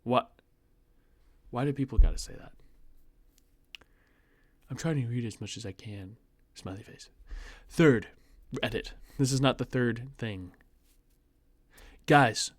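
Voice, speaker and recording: A young American host with a medium-pitched voice reads an online post at a measured pace, leaving long pauses, in clean studio sound with no echo. He interjects sarcastic, mocking asides throughout his casual commentary.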